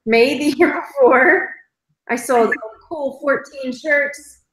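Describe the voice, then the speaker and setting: A chatty woman talks casually as a co-host, self-deprecating and easygoing. Her voice sits a little high. There is a clear echo from the room. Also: takes it slowly, fairly bright tone. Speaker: podcast co-host. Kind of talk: casual chat.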